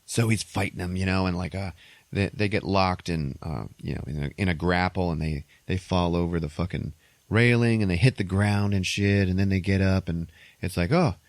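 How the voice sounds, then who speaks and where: Male podcast host, lower voice, loose and profane, dry close sound, chuckles through a movie recap. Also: normal speed, dry recording. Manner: profane, laughs through retelling, acts out characters' lines.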